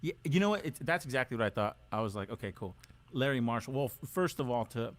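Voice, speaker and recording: A man's voice: medium pitch, animated, fast. A man co-hosting a podcast, talking in a laid-back, joking way with many hesitations and fillers. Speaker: podcast co-host. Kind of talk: casual chat.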